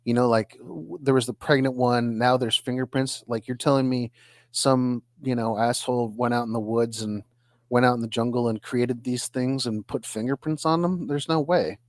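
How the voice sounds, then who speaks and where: A man co-hosting a podcast in casual chat. He is animated, throws in quick asides, and swears casually. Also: medium pitch, no echo, clean studio sound. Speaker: podcast co-host.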